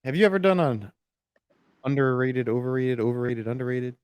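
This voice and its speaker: A man's voice: mid-range voice, animated, brisk, darkish tone, clear, resonant tone, no echo. Guy hosting a podcast, jokey, rambles, mid voice, dry close sound. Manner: rambling, jokey, self-interrupting. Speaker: podcast host. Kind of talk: casual podcast chat.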